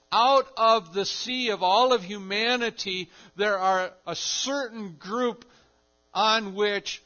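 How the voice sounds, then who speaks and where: High, bright-voiced man preaching emphatically. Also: highs cut off. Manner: emphatic preaching with repetitions and restarts. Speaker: pastor. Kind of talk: sermon.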